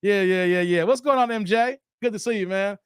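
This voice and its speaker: A man's voice: high-pitched, a little fast, smooth, no echo, clean studio sound. A man hosting a live stream, reacting to videos and reading chat comments aloud, laughing often and riffing animatedly.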